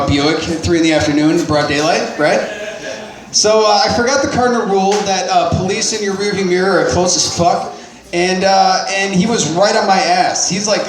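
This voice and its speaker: A man with a notably high voice spins a rambling, profane story about himself. He laughs at his own mistakes and restarts his sentences often. The sound is roomy and echoey. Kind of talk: personal storytelling.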